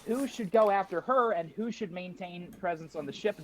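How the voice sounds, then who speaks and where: Guy player on discord, kinda high voice, talks a lot, recaps stuff. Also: fairly bright tone. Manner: recaps at length, quick and talkative. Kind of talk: casual tabletop game chat.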